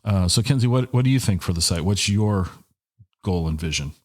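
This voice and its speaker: Low-pitched yet expressive, a middle-aged man hosts a casual podcast at a brisk clip. He's from Washington State and records in a small office on a headset and studio mic. His talk rambles, full of jokes and self-interruptions and restarts.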